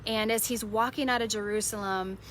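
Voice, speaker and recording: A woman's voice: mid-range voice, fairly even intonation, fairly quick, a little hiss or hum. A woman preaching a devotional sermon in an earnest way, repeating short phrases for emphasis.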